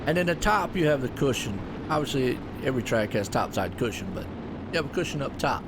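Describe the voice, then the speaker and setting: A man calling a sim racing event, excitable and folksy, with loud bursts on big moves. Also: medium pitch, fairly quick, heavy background noise. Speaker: race commentator. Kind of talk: sim racing play-by-play commentary.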